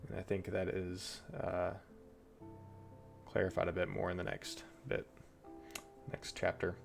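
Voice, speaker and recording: A man's voice: sits low, monotone, unhurried, creaky, soft background music. A man streaming, reading Bible passages aloud and breaking off into chatty, loose asides. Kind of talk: casual Bible reading with commentary.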